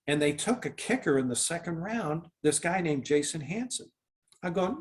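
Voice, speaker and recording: A man's voice: on the high side, very animated, unhurried. Man from Canada, rambling storyteller. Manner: rambling, many fillers and restarts, acts out quoted dialogue. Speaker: former football kicker, guest. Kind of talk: casual storytelling interview.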